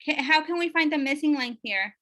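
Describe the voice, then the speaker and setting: Bright high-voiced woman teaching. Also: expressive, brisk. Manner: checks in with questions, many fillers. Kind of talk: teaching a math lesson.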